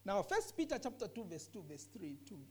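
Lively, emphatic woman teaching scripture. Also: medium pitch, brisk, breathy edge. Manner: earnest, emphatic, repeats key phrases. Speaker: bible teacher. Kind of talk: teaching in a discussion.

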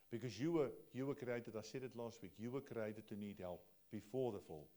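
A pastor preaches from the pulpit in a mid-pitched male voice at a moderate pace. He addresses the congregation plainly and directly, shifting between quiet, low asides and loud, emphatic passages.

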